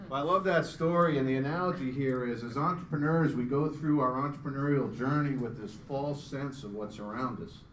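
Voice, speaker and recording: Here the middle-aged startup founder pitches live in a roomy event hall at a slightly slow pace, leaving long pauses. He keeps things chatty and self-deprecating with jokes for the audience, while the distant recording carries a faint background hum.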